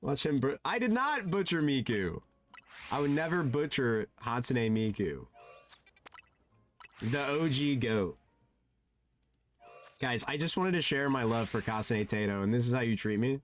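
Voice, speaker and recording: A man streaming a game, chatting casually and sounding animated and flustered, his voice jumping high and dropping low. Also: unhurried, pauses often, soft background music. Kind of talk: casual live-stream chat.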